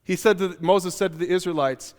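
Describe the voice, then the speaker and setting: High-voiced man preaching in a reverberant hall. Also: brisk. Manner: animated storytelling with humor, repeats key phrases. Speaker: pastor. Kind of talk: conversational sermon. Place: church auditorium.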